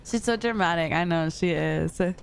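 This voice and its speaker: A woman's voice: lowish voice, normal speed, gravelly, smooth. A young woman streaming a game, chatting casually, thanking viewers and answering chat. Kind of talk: casual live-stream chat while gaming. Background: faint music.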